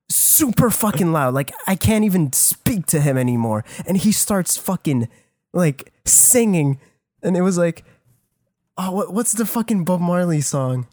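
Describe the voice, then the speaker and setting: Swearing nonstop, a podcast co-host with a fairly high-pitched voice excitedly retells a story in casual conversation, performing people's quotes as he goes. The studio-quality recording has no echo.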